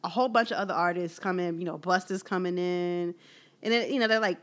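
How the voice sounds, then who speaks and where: A woman co-hosting a casual music chat, telling stories with animated laughs. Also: fairly low pitch, quick pace. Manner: animated storytelling with loud laughs. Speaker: podcast co-host.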